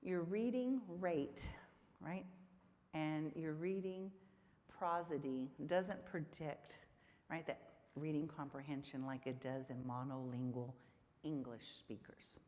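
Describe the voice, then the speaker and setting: Speaking slowly in a deep, slightly mellow voice, a woman from Texas lectures at a conference on literacy instruction. She keeps the audience engaged with frequent "right?" checks, and the hall around her echoes.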